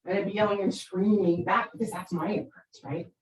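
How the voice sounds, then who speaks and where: A woman's voice: medium pitch, steady tone, fairly quick. A woman in her fifties, a therapist giving a presentation to parents, talking conversationally, often checking in with "right?", and acting out quoted lines with big shifts in her voice. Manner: conversational, keeps asking "right?". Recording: roomy echo, speaker far from the mic.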